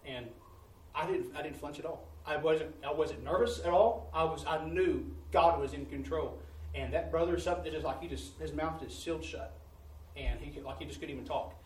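Animated preacher telling a story from afar. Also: male voice, fairly high pitch. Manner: animated storytelling with laughter and repeated "I said". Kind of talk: sermon testimony. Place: church sanctuary. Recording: roomy church audio from a distance.

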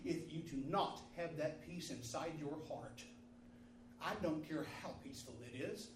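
A man's voice: fairly high pitch, a little slow, noisy background. A man preaching a fervent sermon, repeating phrases in call-and-response style. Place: church sanctuary. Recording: roomy, distant mic in a hall.

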